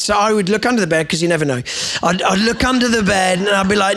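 A man gives a sermon in church, his slightly high voice carrying a gravelly edge. He tells family stories with playful asides and light humour, and now and then does lively voices for his children. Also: quick pace. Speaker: guest pastor.

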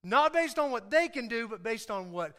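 A high, bright male voice preaching a lively sermon, joking and calling for the congregation to respond. The sound rings with the long reverb of a church hall. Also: normal speed. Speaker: pastor. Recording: echoey hall.

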